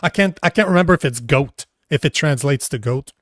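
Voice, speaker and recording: A man's voice: fairly high pitch, lively intonation, a little fast, a bit bright, no echo. Loose, chatty male co-host, dry sound. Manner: loose and conversational, hesitant when recalling facts. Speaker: political talk show co-host. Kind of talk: casual political chat.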